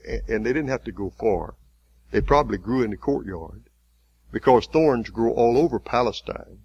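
A man preaching a sermon, retelling a story vividly with halting restarts. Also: mid-range voice, expressive, darkish tone, breathy edge, highs cut off.

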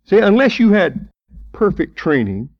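A man preaching in a folksy, chatty way, his pitch swinging high and low as he asks question after question. The sound is dull and muffled, with a dry, close feel. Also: sing-song, unhurried, no echo. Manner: folksy, chuckling, rhetorical questions. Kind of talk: sermon.

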